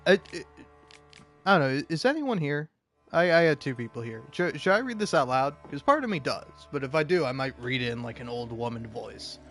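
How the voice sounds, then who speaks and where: A man's voice: mid-range voice, animated, moderate pace, a bit bright. A man giving casual, rambling let's-play commentary, hesitant and laughing often. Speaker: gaming commentator. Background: game music.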